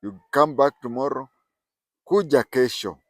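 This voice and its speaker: A man's voice: medium pitch, a little slow, no echo. Older man telling stories. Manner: animated, rising and falling emphasis. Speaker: storyteller host. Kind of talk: casual spoken storytelling.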